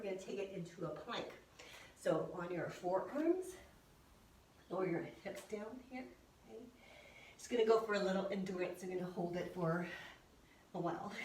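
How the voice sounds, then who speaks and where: A woman's voice: medium pitch, a little mellow, slight background noise. Woman workout instructor, encouraging coaching cues, recorded from a distance in a roomy space. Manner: encouraging cues, counting down, exertion whoops. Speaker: fitness instructor. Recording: echoey room, voice from a distance.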